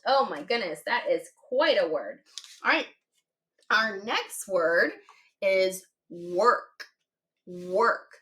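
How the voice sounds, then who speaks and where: A woman teaching a phonics reading lesson to children, patient and encouraging, spelling words out slowly letter by letter and giving cheerful praise. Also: mid-range voice, sing-song, bright, forceful tone.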